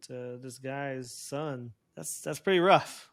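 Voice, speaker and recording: A man's voice: mid-range voice, slow. A man co-hosting a casual episode review, rambling with restarts and laughing often. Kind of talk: casual chat.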